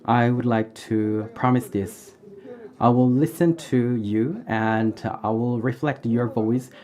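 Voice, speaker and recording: A man giving a live English interpretation of a formal debate, pausing often with "uh". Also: mid-range voice, warm tone. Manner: halting, with frequent "uh" pauses.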